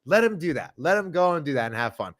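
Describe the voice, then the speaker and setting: A man who is a comedian guest on a casual podcast, animated and slangy, mocking what he dislikes. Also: on the high side, fast.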